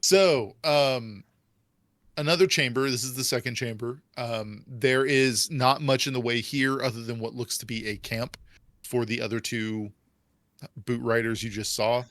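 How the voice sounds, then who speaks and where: Rambling tabletop game master, man, mid pitch, dry mic. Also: steady tone, a little slow, a bit bright, no room sound. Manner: chatty, rambling descriptions with fillers.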